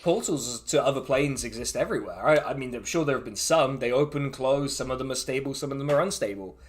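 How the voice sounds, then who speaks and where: A man's voice: mid-range voice, quick pace. An English man narrating as dungeon master in a laid-back way, laughing often. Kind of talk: narrating a tabletop game.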